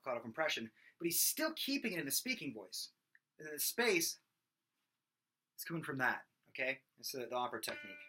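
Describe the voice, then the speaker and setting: A male vocal coach talks through singing technique in a casual, unscripted way. His voice is very bright and forward, and his pitch moves around a lot as he explains. He rambles a little, restarting sentences as he goes. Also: breathy edge. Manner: loose, rambling explanations broken by loud belted and screamed sung examples. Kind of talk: casual singing lesson with sung demonstrations.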